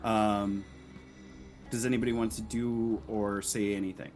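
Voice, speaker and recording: A man narrating as game master of a tabletop role-playing game in a relaxed way, with lots of ums and uhs. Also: fairly low pitch, unhurried, faint music behind.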